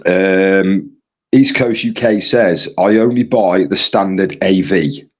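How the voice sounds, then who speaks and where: A man with a husky voice, casually reading viewer comments aloud as co-host of a live stream. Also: low voice, slow, muffled recording.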